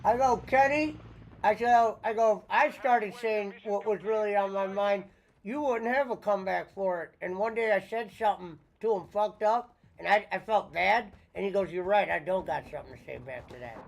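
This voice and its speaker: A man's voice: high-pitched, normal speed, gravelly. A man chatting casually while gaming with friends, telling stories and quoting others. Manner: storytelling, swearing, quoting others. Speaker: streamer.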